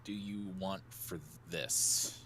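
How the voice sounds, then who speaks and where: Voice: deep voice, fairly even intonation, slow pace, a bit bright, slight background noise. A player in a tabletop vampire game, talking hesitantly with stammers. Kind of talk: tabletop role-play chat.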